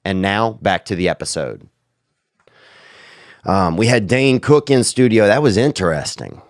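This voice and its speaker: A man's voice: fairly low pitch, expressive, measured pace, no echo, clean studio sound. A sick, sniffling man hosting a podcast, riffing in a crude, slangy, rambling comic monologue. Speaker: podcast host.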